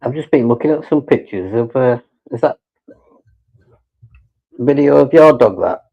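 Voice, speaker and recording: Gravelly, husky man. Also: medium pitch, animated, unhurried, muffled recording. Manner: rambling, sweary, teasing. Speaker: live stream host. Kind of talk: casual live-stream chat.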